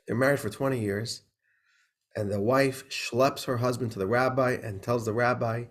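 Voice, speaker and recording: A man's voice: mid-range voice, steady tone, brisk. A man, a rabbi, teaching an informal class, talking in a chatty way with laughs, many restarts and questions like "right?". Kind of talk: informal class lecture with a joke.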